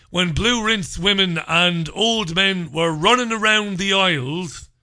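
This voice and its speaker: A man's voice: on the high side, bright, forceful tone. A man telling a profane, sardonic comic anecdote in a vlog. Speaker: vlogger. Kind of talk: comic storytelling monologue.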